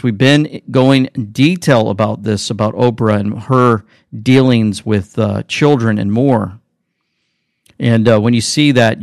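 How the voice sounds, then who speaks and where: A man's voice: lowish voice, gravelly, no room sound, studio quality. A man hosting a show, talking in an earnest, chatty commentary style with a preachy edge. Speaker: show host. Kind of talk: casual commentary.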